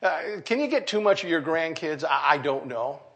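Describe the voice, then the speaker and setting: A man's voice: a little high, lively intonation, moderate pace, gravelly, fairly bright tone. An older man, a pastor, preaching a folksy sermon with jokes and asides to his congregation.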